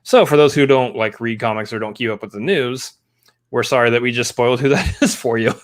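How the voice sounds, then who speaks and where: Casting: male co-host, casual chat, animated scene retelling. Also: medium pitch. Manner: animated retelling with quick acted-out quotes.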